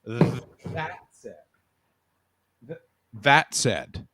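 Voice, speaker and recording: A man co-hosting a casual chat, animated and swearing freely, sometimes slipping into quoted voices. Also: mid-range voice, very slow, noisy background. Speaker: podcast co-host.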